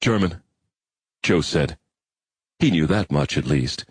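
A man narrating a science-fiction audiobook in an expressive storytelling manner. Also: very deep voice, a little slow, slightly rough, no echo. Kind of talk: scripted narration.

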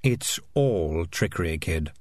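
A man voicing a cynical, smooth-talking piper with a low, wry, conspiratorial drawl. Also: lively intonation, slow pace, no room sound, heavily acted. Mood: persuasive.

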